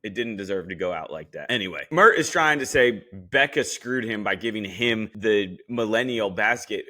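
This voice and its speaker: A man's voice: lowish voice, expressive, normal speed, few pauses, bright, forceful tone. A young man hosting a podcast, giving a blunt, joking recap of a cooking show and swearing freely as he talks straight at the contestants. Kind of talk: casual recap commentary.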